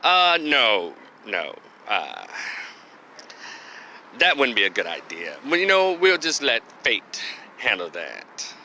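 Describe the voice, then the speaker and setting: A man's voice: medium pitch, wildly swooping pitch, slow pace, long pauses, sharp tone, slight background noise, heavily acted. A man voicing a cold, guarded and lecturing older father in a retold story, curt and evasive.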